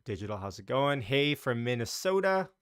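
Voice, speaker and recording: A man's voice: medium pitch, big pitch swings, moderate pace, fairly bright tone, smooth, no room sound, clean studio sound. A man hosting a casual live stream about the market, chatty and loose, greeting viewers as he talks. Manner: talks in loose, restarting sentences.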